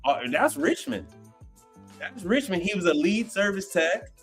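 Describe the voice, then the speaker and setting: A man hosting a casual livestream, animated and slangy, laughing often as he reacts to comments. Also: sits high, measured pace, vocal fry, faint music behind. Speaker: livestream host.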